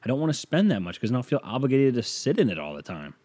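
A man hosting a solo podcast, ranting casually and profanely with loud exasperated outbursts, tired and yawning. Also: medium pitch, big pitch swings, fast talker. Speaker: podcast host.

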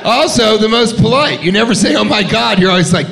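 A man hosting a live comedy podcast, riffing loudly with laughter and crude jokes from a club stage. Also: high-pitched, animated, fairly quick, gravelly, hardly any pauses. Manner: loud, laughing, profane riffing. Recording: live club recording with crowd noise. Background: laughing live audience.

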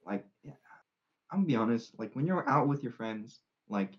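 A man's voice: mid-range voice, expressive, lo-fi sound. A young man on a casual podcast, talking earnestly and sincerely about his partner. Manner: earnest, sincere, drawn-out phrasing. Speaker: podcast co-host. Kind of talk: casual chat.

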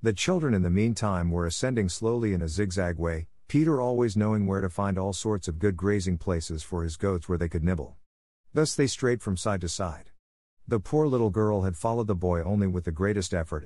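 Male audiobook narrator, low register, dry close sound, steady measured storybook reading. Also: no echo.

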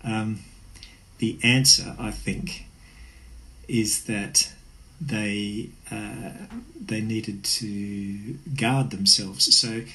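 A man's voice: lowish voice, fairly even intonation, very slow, sharp tone, low-quality recording. A man preaching an earnest, conversational sermon. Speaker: pastor.

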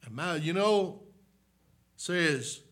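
A man with a fairly high voice delivers a revival sermon very slowly and with animation. His volume moves from quiet murmurs to shouts, and he keeps coming back to "my, listen, friend."

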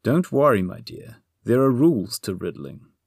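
A man voicing a nervous, fussy male wizard in an audiobook, hesitant and full of little pauses. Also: medium pitch, sing-song, vocal fry, a little mellow, breathy edge, no echo, clean studio sound, voice pushed up, full character voice. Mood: fidgety. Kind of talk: audiobook character voice.

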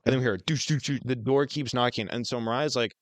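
A man's voice: medium pitch, fast, dry recording, clean studio sound. A man co-hosting a podcast, telling a long story in casual chat with lots of fillers and swearing. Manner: rambling, heavy on fillers and swearing. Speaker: podcast co-host.

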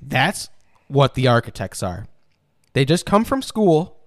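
A man's voice: medium pitch, very animated, a little slow, no echo, studio quality. A young man co-hosting a casual chat, profane and mocking, often slipping into sarcastic mimicry of others. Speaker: podcast co-host.

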